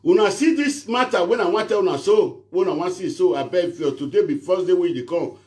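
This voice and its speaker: Male host, Nigerian Pidgin accent, slightly raised pitch, rambling preachy monologue with a pleading tone. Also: brisk, a little mellow. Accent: Nigerian Pidgin English. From Edo State, Nigeria. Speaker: self-styled prophet and show host. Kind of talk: casual monologue to viewers.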